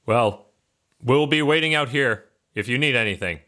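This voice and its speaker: A man's voice: mid-range voice, moderate pace, bright, forceful tone, close to an everyday voice. A man voicing polite, dutiful castle guards in a tabletop game. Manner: deferential, formal.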